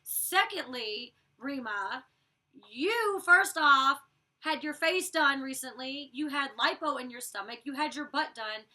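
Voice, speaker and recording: A young woman in her twenties talks straight to her viewers in a loose, rambling recap. Her voice is bright, sharp and pitched fairly high, and she sits a bit back from the microphone. She gets blunt and profane whenever something irritates her. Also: far from the mic. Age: 20s. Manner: blunt, heated and profane when venting, chatty and rambling. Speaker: reality show cast member reviewing her episode. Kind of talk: casual vlog recap.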